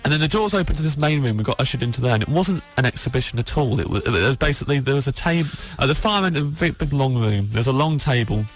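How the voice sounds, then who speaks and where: A man's voice: medium pitch, lively intonation, faint music behind. Rambling man with English Midlands accent. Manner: rambling, halting storytelling with frequent fillers and self-interrupting restarts. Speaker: comedian guest telling a story. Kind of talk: radio comedy anecdote.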